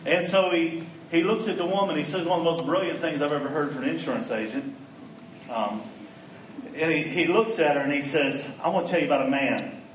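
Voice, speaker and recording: A man giving a storytelling sermon as a conference speaker, animated and acting out the people in his stories. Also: on the high side, brisk. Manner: animated storyteller who acts out quoted lines. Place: conference hall. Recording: echoey hall, mic at a distance, faint background noise.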